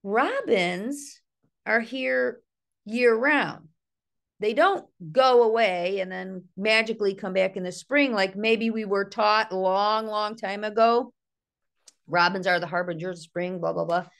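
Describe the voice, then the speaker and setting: A middle-aged woman from Ohio, a naturalist giving an online nature workshop in a chatty, playful way, with a slightly gravelly voice. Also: mid-range voice, measured pace, a bit bright. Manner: chatty, playful, mimics bird calls in sing-song. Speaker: naturalist and art instructor. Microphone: video call.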